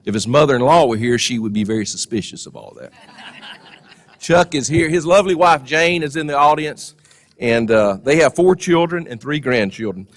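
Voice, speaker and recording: A man's voice: mid-range voice, lively intonation, normal speed. Genial man hosting a ceremony. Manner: genial, joking. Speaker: ceremony host introducing the speaker. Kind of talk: ceremony introduction. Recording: long hall reverb.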